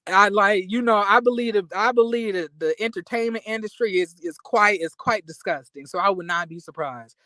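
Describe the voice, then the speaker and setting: In a high voice with no echo, a man vlogs about reality TV in an animated, emphatic rant full of profanity. He keeps tossing in quick apologetic asides.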